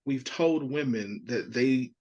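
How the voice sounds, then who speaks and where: A man's voice: mid-range voice, takes it slowly, darkish tone, muffled recording. A man giving earnest, reasoned answers as a podcast guest, repeating his starts as he thinks.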